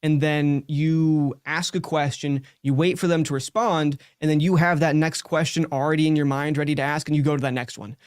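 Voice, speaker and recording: A man's voice: on the high side, level tone, brisk, hardly any pauses, clear, resonant tone, no echo, studio quality. A man who hosts a show, giving direct, talkative live coaching feedback with many likes and restarts. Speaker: sales coach and show host.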